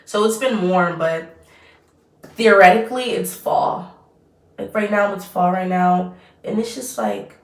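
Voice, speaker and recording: A young woman in her twenties chatting casually while doing her makeup, rambling and trailing off mid-sentence. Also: medium pitch. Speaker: vlogger. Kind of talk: casual get-ready-with-me chat. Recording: roomy echo, mic at a distance.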